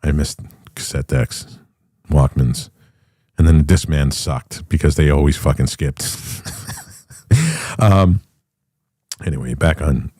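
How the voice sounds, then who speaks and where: Very deep-voiced, profane middle-aged man. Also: slow, long pauses, warm tone, slightly rough, dry recording, studio quality. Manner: profane, rambling, with frequent restarts. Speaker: podcast host. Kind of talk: casual monologue.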